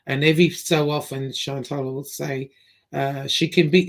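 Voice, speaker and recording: A woman's voice: low-pitched, measured pace. A woman hosting a reaction commentary channel, talking bluntly and rambling with fillers and restarts.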